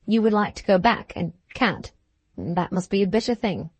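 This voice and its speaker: A woman reading the part of a stern but gentle older man, a land agent who refuses an employer with firm, grave calm. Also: medium pitch, normal speed, breathy edge.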